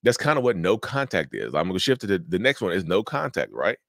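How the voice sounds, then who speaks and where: A man's voice: sits low, very animated, fast talker, vocal fry, fairly bright tone, no echo, clean studio sound. A man hosting a mental health channel, talking casually to viewers and often repeating himself. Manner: conversational, repeats himself, addresses viewers as y'all. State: sleepy, yawning. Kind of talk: casual talk to camera.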